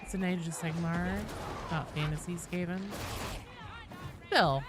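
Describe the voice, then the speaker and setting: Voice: mid-range voice, fairly even intonation, a little slow, loud music behind the voice. A game streamer in casual live-stream chat while gaming, rambling with lots of fillers and restarts in a Valley Girl-like way of talking.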